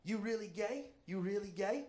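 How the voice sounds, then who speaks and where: A man's voice: sits high, normal speed, warm tone, roomy sound, lightly acted. A man voicing a hostile, bigoted male stranger in a stand-up story. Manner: aggressive, confrontational.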